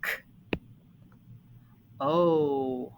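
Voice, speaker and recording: A woman teacher leading a phonics lesson for young children, sounding out words slowly in a sing-song voice. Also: extremely low pitch, background noise.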